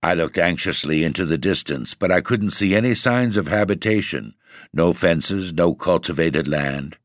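Brief: male audiobook narrator, very low voice, dry close sound, measured delivery. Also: dry recording. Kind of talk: first-person story narration.

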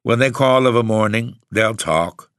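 A man voicing an old woman caretaker with second sight, speaking quietly and solemnly. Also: medium pitch, measured pace, clean tone, no echo, studio quality, voice pushed up, close to an everyday voice. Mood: grave. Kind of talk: audiobook reading.

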